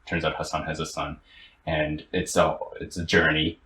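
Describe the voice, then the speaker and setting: A young man co-hosting a podcast, retelling a story in casual chat with lots of restarts and fillers. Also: very deep voice. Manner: animated, halting storyteller with many restarts. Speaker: podcast co-host. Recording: roomy, with faint ambient noise.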